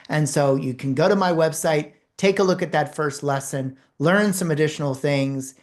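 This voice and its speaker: A speaker and communication trainer gives a course lecture, telling stories in an animated way with emphatic pauses. Her voice sits low.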